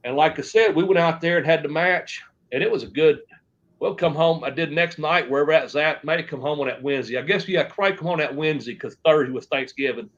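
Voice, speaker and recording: A man tells wrestling stories in a loose, rambling way. He swears freely and circles back through restarts. His voice sits a touch high, and the recording is dull and lo-fi. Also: fast, a bit bright. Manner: rambling, profane, trailing off into restarts. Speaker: interview guest, former wrestler. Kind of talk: shoot interview storytelling.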